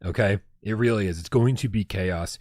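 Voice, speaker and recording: Lowish-voiced guy hosting a live gaming show, excitable, swears a lot, dry close mic. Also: normal speed, no echo. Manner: excitable, swears freely, animated storytelling. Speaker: podcast co-host. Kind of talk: casual livestream chat.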